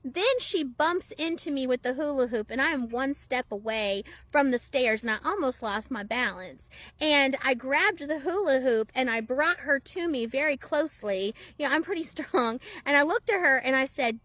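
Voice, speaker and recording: High-voiced chatty woman. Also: normal speed, no room sound. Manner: animated, laughing, chatty. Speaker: storyteller, process server. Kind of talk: casual storytime.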